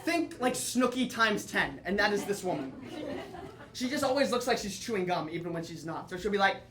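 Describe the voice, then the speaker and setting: A teenage boy performing a solo comedy monologue, telling lively comic stories with asides to the audience. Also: sits high, brisk, echoey room, a crowd in the background. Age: teens. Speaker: student performer. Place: theatre or classroom with audience.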